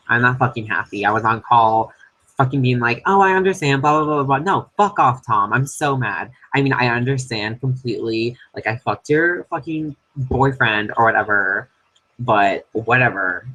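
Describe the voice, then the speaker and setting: Husky-voiced man ranting in confessional. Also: mid-range voice, fairly bright tone, low-quality recording. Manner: frustrated ranting with heavy swearing. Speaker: contestant in an online game. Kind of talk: confessional diary recording.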